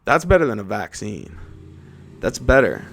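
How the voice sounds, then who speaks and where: Young canadian guy rambling on his podcast, kinda gravelly, swears a lot, jokey. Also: lowish voice, very animated, moderate pace. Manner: rambling, joking, swears freely. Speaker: podcast host. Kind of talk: casual solo rambling.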